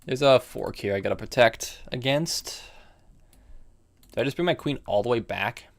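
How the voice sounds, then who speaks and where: A man's voice: medium pitch, normal speed, vocal fry. Man, chess streamer, casual live commentary, muttering moves aloud, chatty with viewers. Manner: thinks aloud, chatty asides to chat.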